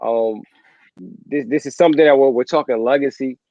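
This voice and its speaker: A man's voice: medium pitch, brisk, dark tone, no echo, dull audio. A man hosting a livestream trading session, laid-back, addressing viewers directly and wrapping up. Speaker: livestream host.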